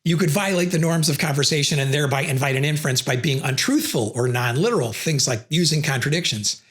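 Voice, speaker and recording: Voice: mid-range voice, animated, fast, few pauses. A presenter explaining communication theory, who acts out sample refusals between the explanations. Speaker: educational video presenter.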